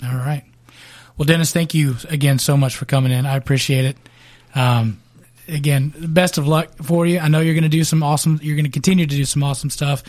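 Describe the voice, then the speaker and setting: A man co-hosting a podcast, his voice a touch higher than most. He sounds upbeat and laughs easily. His mic sound is dry and close. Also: fairly even intonation, fairly quick, darkish tone, no room sound. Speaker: podcast co-host. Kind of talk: casual podcast chat.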